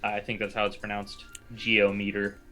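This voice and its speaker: A man's voice: mid-range voice, measured pace, bright, forceful tone, soft background music. A man talking as a guest on a podcast about his tabletop game character, easygoing and going along with the jokes.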